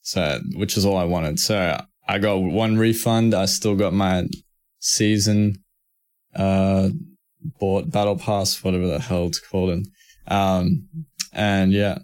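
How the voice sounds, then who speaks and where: A man with an Australian accent and a notably deep voice co-hosts a podcast. He talks loosely and casually, stacking fillers and restarts and swearing freely as he tells a story. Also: steady tone, slow, darkish tone. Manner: rambling, profane, lots of fillers and restarts. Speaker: podcast co-host.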